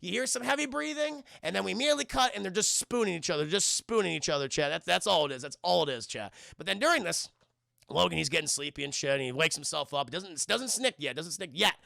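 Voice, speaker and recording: A man's voice: sits high, fast talker, gravelly, no echo, clean studio sound. A man streaming a casual, comedic scene-by-scene film recap, talking straight to his live chat and cracking crude jokes. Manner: animated, addresses chat constantly, crude jokes, acts out characters.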